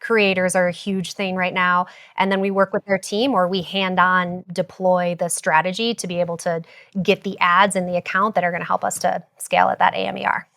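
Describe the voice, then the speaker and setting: A woman guest on a podcast, explaining ad and growth strategy in a brisk, jargon-heavy way with frequent fillers. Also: fairly low pitch, level tone, gravelly, a bit bright. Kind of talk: casual podcast interview.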